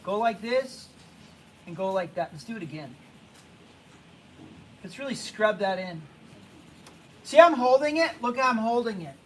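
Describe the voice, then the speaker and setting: A young man teaching a drawing class, talking casually and haltingly, repeating himself and hushing the students. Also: high-pitched, lively intonation, slight background noise, low-quality recording. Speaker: art teacher.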